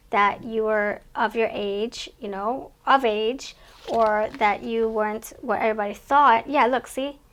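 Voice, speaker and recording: A woman's voice: fairly high pitch, fairly bright tone. A woman giving a casual tarot reading to camera, chatty and rambling, often correcting herself mid-sentence. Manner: chatty, rambling, self-correcting, laughs at her own cards. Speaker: tarot reader.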